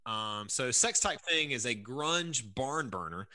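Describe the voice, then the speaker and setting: A man co-hosting a podcast, telling stories about songs in a relaxed way with many fillers. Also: mid-range voice, measured pace, no echo, clean studio sound. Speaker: podcast co-host. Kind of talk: casual chat about songs.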